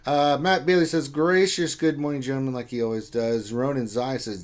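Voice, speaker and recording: A man's voice: fairly high pitch, moderate pace, few pauses, darkish tone. A man co-hosting a casual live stream, reading viewer chat aloud with joking, playful teasing.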